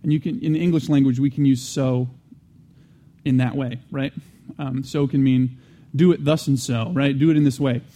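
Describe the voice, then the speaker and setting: Earnest man teaching a warm sermon. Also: medium pitch, fairly even intonation, moderate pace. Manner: earnest, repeats and restates key phrases; frequent restarts and fillers, conversational asides. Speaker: Christian teacher.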